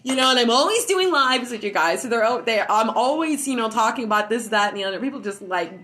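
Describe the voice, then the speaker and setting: A woman chatting casually on a livestream from her home while high on cannabis, telling stories loudly and with lots of animation. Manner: loud and animated storytelling. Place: at home indoors.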